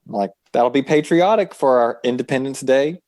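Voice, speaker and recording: A man's voice: medium pitch, normal speed, darkish tone, no room sound. A man co-hosting a podcast, chatting in an easygoing way about home life. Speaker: podcast co-host. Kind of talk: casual chat.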